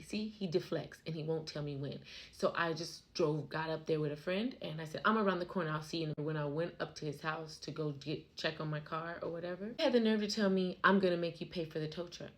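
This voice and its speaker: An American woman vlogs to camera, telling a personal story in an emphatic, emotional way and repeating herself for stress. Her low voice is steady, a little fast, with few pauses, and the background is noisy.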